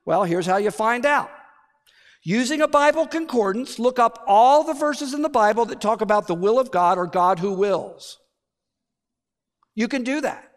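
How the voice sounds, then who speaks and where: A male pastor telling a family story in a sermon, with slow, emphatic, deliberate delivery. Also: very high-pitched, animated.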